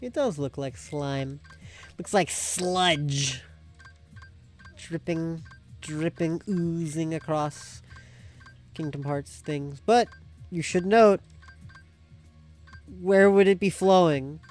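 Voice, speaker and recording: A woman guest on a let's-play, telling rambling stories and teasing the player with deadpan remarks. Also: low-pitched, slow, long pauses, faint music behind. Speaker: guest co-host. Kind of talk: casual let's-play banter.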